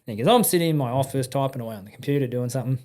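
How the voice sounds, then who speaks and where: An Australian man, a veteran guest, telling stories in a relaxed interview, swearing freely and acting out the people in them. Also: mid-range voice, rapid-fire. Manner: swearing, animated anecdote-telling with laughs. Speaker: podcast guest, army and police veteran. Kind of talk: casual storytelling interview.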